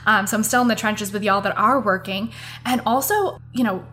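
A woman's voice: medium pitch, normal speed, fairly bright tone, slight background noise. A woman, hosting her own podcast and talking earnestly and chattily to her listeners. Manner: earnest, chatty, addresses listeners as "you guys". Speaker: podcast host. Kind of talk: casual motivational podcast monologue.

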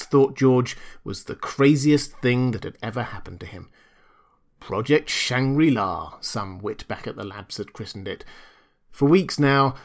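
A man narrating a short story in a measured, storytelling manner. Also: medium pitch. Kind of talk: scripted audiobook narration.

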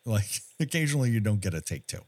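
A man talking through a horror movie in a loose, joking podcast chat, laughing and cursing casually. His voice sits low but swoops up and down with lively intonation. The sound is dry and close, with no room echo. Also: quick pace. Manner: wry, joking, swears casually, laughs often. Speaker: podcast co-host.

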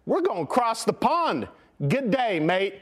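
A man putting on a loud, theatrical high voice as a brash TV weatherman. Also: very animated, unhurried, heavily acted. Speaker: weather reporter segment. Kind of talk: comic over-the-top weather report.

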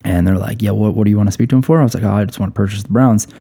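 A man's voice: fairly low pitch, very fast, vocal fry, dark tone, husky. A man in his thirties from Cleveland, telling a profane, laughing story in casual podcast chat. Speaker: podcast guest, coffee company co-founder.

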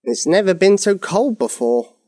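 A nervous castle wizard who groans and frets over every order, put on by a male narrator. The voice sits high and swings about. It is recorded close and dry. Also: sing-song, normal speed, darkish tone, no echo. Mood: worried. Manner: fretful, reluctant.

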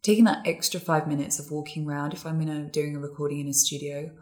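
A woman with a low voice talks as a guest on a podcast over a video call. She sounds easy-going and chatty, sprinkling her sentences with small fillers. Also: fast. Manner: relaxed, chatty, warm agreement with frequent fillers. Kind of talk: casual conversation.

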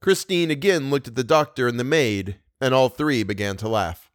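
A man reads a classic novel aloud in a steady, measured way, his voice in the middle range for a man. The recording is dry and close, with no room around it. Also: mid-range voice, no echo. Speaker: audiobook narrator. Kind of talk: scripted narration.

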